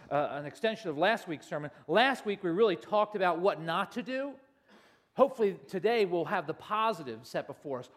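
Brief: male pastor, higher-pitched voice, chatty storytelling sermon full of asides. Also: big-room sound. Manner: conversational, anecdotal, many "you know" asides.

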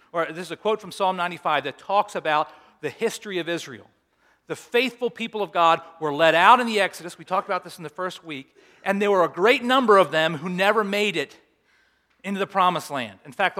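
A man's voice: high-pitched, bright, forceful tone. A middle-aged male pastor preaching a sermon in a conversational way, with humorous asides.

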